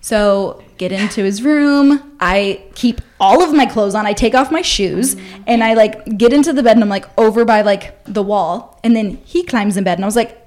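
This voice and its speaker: This podcast host, a woman in her twenties, speaks on the high side at a moderate pace with few pauses. She tells a story in a casual, profane, animated way, voicing the people in it.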